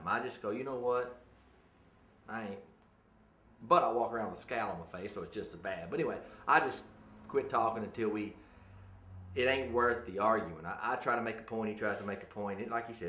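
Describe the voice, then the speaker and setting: A man's voice: on the low side, pushed and bright, roomy sound. A man in his forties co-hosting a casual talk show, rambling and chatty and laughing often. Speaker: co-host. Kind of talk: casual chat.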